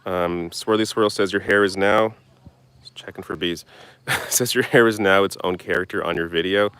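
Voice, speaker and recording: A young man with a deep, low-pitched voice reads viewer comments aloud and answers them on a live stream. He talks bluntly and casually, tossing in the odd swear. He's recording outdoors. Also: steady tone, normal speed, fairly bright tone, smooth, no room sound. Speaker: political commentary host. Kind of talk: live stream Q&A reading chat.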